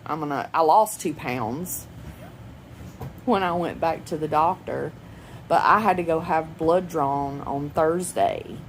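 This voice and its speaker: Woman in her forties, deep voice, unhurried speech, chatty home vlog, faint background hum. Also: rough recording. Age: 40s. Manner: chatty and rambling, laughs often. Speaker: vlogger. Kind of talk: casual personal vlog. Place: at home indoors.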